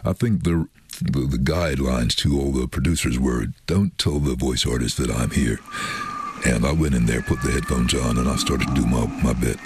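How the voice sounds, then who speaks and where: A man telling stories in an interview about his voice-over work, animated and acting out the voices he quotes. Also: moderate pace, noisy background. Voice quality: very deep, husky. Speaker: voice-over artist. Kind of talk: casual interview storytelling.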